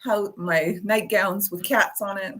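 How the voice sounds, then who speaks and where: A woman's voice: medium pitch, fairly even intonation, measured pace, sharp tone. A woman with a Canadian accent, hosting a talk show in a chatty, laughing way. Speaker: host. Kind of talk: casual chat.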